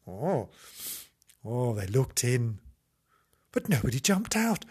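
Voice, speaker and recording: A man drawling through a children's story as a mock bedtime reading. He is camp and theatrical, with a voice that leaps up and down in wide swings. The tone is husky and breathy. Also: mid-range voice, big pitch swings, slow. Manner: camp, theatrical, wandering asides. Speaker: comic reader.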